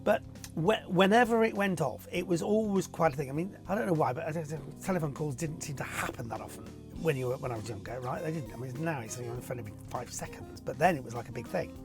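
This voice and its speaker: A man's voice: fairly high pitch, fast talker, music in the background. A middle-aged man from Warrington, England, a TV property presenter answering viewer questions in a chatty, rambling, self-deprecating way from his home office. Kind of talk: casual to-camera Q&A.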